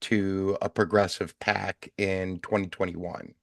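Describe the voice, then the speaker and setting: Halting man on a dry mic. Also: low-pitched, little pitch movement, no room sound. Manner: halting, filler-heavy, many restarts. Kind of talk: casual chat.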